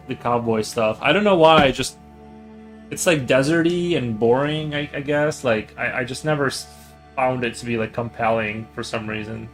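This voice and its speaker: A man's voice: medium pitch, low-quality recording. Rambling young man chatting while drawing. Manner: rambling, full of "like" fillers and restarts. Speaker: artist streamer. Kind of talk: casual chat while drawing on stream.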